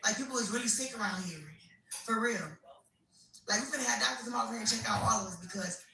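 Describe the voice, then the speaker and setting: A hoarse woman boxer chatting excitedly and profanely with viewers on a casual livestream. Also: on the high side, fast talker, recorded from a distance, slight background noise. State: hoarse from a cold. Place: indoors, at home. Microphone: phone livestream. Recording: very echoey room, away from the mic.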